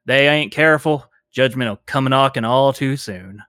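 A man's voice: medium pitch, normal speed, fairly bright tone, clear, resonant tone, no room sound, natural voice. A man voicing a zealous male preacher in robes, speaking in archaic, pious warnings. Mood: pious greeting.

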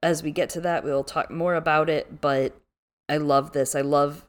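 Animated woman recapping a show. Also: low voice, moderate pace. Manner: animated, acts out characters' lines in big voices. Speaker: podcast co-host. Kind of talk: casual chat, recapping a TV show.

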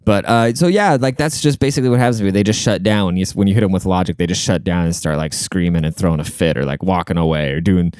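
Young man, low voice, smooth, swearing, sarcastic, rambling rant. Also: fast talker, few pauses, darkish tone, no echo, clean studio sound. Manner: looks things up mid-talk. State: short of breath at times. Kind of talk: casual rant.

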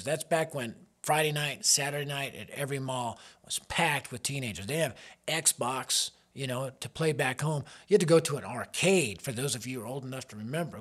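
A man in his fifties, a youth ministry leader giving an earnest, emphatic devotional talk woven with personal stories. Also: a little high.

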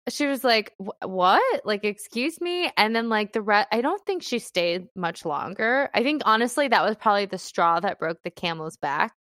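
Young woman, casual storyteller, smooth clear voice, close dry mic. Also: mid-range voice, expressive, normal speed, few pauses, fairly bright tone, dry recording. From Philippines. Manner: chatty storytelling, lots of fillers and laughs. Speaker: guest telling a dating story. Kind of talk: casual chat.

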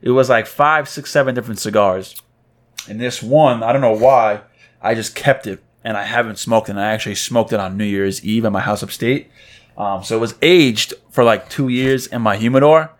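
A man co-hosting a podcast, talking in a relaxed, casual way and swearing now and then. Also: fairly low pitch, moderate pace. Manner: laid-back, swears casually. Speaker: podcast co-host. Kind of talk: casual chat.

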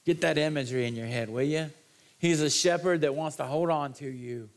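Man preaching, gravelly voice, a touch high, folksy and animated. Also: fairly quick. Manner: animated, folksy, rising to excited outbursts. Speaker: pastor. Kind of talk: sermon.

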